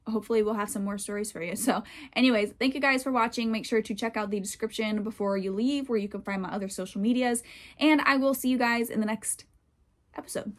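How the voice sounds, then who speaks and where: Chatty, rambling woman podcast host. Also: fairly high pitch. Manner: chatty and rambling with frequent fillers. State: getting winded and tired. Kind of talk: casual chat reacting to online posts.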